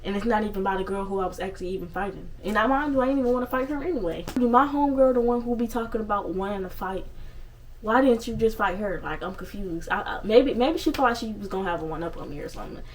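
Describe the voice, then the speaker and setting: A young woman telling a story casually on her vlog, animated and swearing freely, with lots of asides. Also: mid-range voice, fast, distant mic, poor audio. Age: young adult. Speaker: storytime vlogger.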